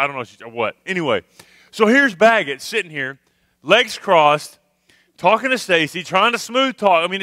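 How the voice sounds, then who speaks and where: A man tells a comic story at a youth camp service, animated and forever checking in with "okay? all right?". His voice sits high and rings bright. The sound is close and dry, with little room around it. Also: dry recording. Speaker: camp speaker, former youth minister. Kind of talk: humorous storytelling to a youth crowd.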